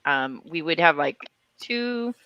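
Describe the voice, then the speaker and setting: A young woman telling an animated story in casual chat, full of fillers and restarts. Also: sits low, slow, smooth, dry recording, lo-fi sound.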